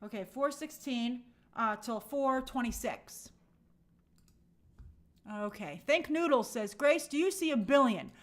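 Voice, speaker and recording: A woman's voice: a little high, lively intonation, a little slow, pauses often. A woman hosting a live stream, casually reading out viewer comments and thinking aloud with frequent fillers. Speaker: host.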